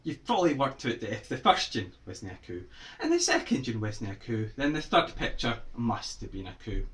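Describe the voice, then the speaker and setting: Speaking at normal speed in a medium-pitched voice, a Scottish man makes a lively game of teaching Scots words to children, firing questions at them to quiz them.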